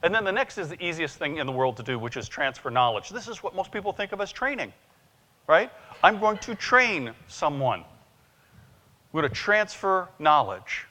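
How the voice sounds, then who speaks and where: A man speaking as a sales trainer at a conference keynote, animated and joking as he tells stories, in a large hall with long reverb. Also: fairly high pitch, moderate pace.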